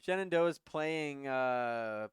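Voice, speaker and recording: A man's voice: medium pitch, lively intonation, very slow, smooth, no echo. A young man co-casting a college esports match who calls plays and cheers his team on in a casual way. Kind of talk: play-by-play and color commentary.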